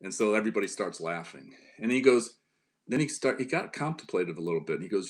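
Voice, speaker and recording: A man's voice: low voice, a little fast. A middle-aged man from Upstate New York, telling long anecdotes in a casual interview, full of fillers and restarts. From Upstate New York, near Lake Ontario. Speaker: interview guest, former White House staffer.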